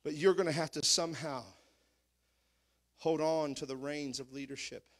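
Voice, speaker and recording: A man's voice: a little high, fairly even intonation, moderate pace, fairly bright tone. A male pastor preaching a fervent sermon in church, calling out to the congregation as he drives his points home.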